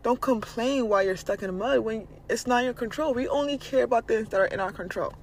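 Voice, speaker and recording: A podcast host with a very high-pitched voice and a quick pace delivers a blunt, casual spiritual motivational monologue, swearing freely. Slight background noise can be heard.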